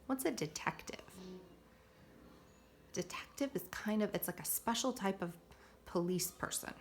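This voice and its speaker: A woman teacher reading a picture book aloud at home and pausing to explain vocabulary patiently. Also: medium pitch, slight background noise.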